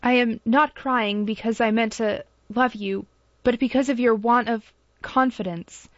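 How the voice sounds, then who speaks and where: A woman reading the part of a clever, proud young woman who speaks quickly and cuttingly in an audiobook. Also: fairly high pitch, steady tone, dry recording, natural voice. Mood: reproachful. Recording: dull dry lo-fi recording.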